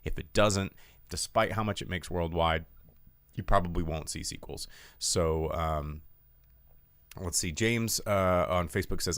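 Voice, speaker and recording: A man co-hosting a movie podcast in casual chat, an animated storyteller. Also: low voice, unhurried, pauses often, dry recording. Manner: animated storyteller, lots of fillers. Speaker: podcast co-host.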